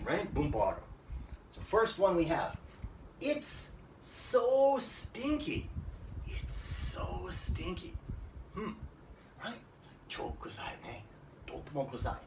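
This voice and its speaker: A man teaching an English grammar lesson, switching into Japanese to explain and often checking with "right?". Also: a little high. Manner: lively, repeats phrases and asks "right?" often. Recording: echoey room, mic at a distance, faint noise.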